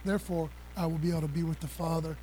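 A man preaching with a high, lifted voice, quick and excitable, tossing in laughs and casual asides to his church. A faint hum runs underneath. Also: poor audio. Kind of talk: energetic sermon with slides.

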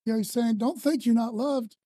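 A man's voice: very high voice, fairly quick, warm tone, dry recording. A man preaching a sermon in a loose, conversational way, often adding "man" and "you know.". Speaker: pastor.

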